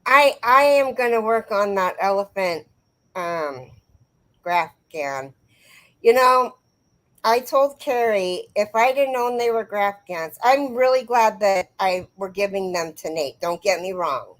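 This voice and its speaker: A woman's voice: medium pitch, lively intonation, slow pace, a bit bright, rough recording. A middle-aged woman hosting a live crochet stream, chatting casually and answering viewers by name in a rambling, friendly way. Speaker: crochet livestream host. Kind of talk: casual live chat reading comments.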